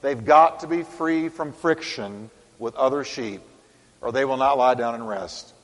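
A man preaching a sermon as pastor, reading scripture aloud with rising force and sinking softly at the ends of phrases. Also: a little slow. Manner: dynamic preaching, swelling louder on scripture and dropping low. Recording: long reverb of a large hall.

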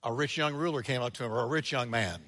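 Male preacher, bright edgy tone, sermon delivery in a church hall with long reverb. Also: mid-range voice, quick pace. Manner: energetic preaching with sudden drops to quiet, acted-out quotes. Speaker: pastor. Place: church sanctuary.

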